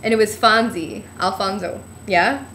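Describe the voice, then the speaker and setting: A woman's voice: a little slow, a little hiss or hum. A young woman telling a chatty, rambling story of her trip in a casual vlog, acting out what people said. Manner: chatty storytelling, acts out quotes with a bright high voice. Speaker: vlogger.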